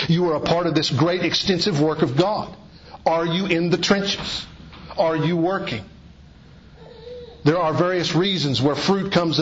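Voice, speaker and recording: A man preaching a sermon with a slightly high voice. He exhorts earnestly, sinking low and then climbing to emphatic peaks. The recording is dull and lo-fi. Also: fairly bright tone.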